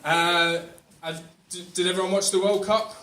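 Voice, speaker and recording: A young English man doing a stand-up set, talking in a halting, filler-heavy way with dry asides. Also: sits high, fairly even intonation. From England. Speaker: stand-up comedian. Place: small comedy club with live audience. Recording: echoey room, far mic, loud crowd noise. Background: audience laughter.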